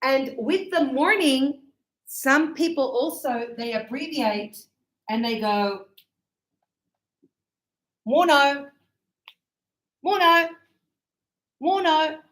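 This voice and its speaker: A woman teaching an English class, speaking slowly and clearly and acting out greetings as examples. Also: sits high, poor audio. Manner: slow, clear, explaining with acted greetings. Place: Australia.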